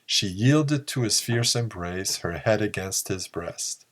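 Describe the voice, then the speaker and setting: A man narrating a pulp story in a slow, measured reading. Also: lowish voice, lively intonation, fairly bright tone. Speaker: audiobook narrator.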